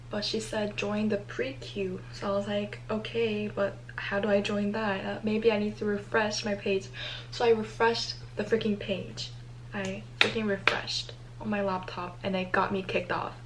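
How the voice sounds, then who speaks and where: A teenage girl talking to camera in a casual vlog, anxious and excitable, with many exclamations. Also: medium pitch, unhurried, a little hiss or hum, rough recording. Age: teens. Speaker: vlogger. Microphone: compact camera mic.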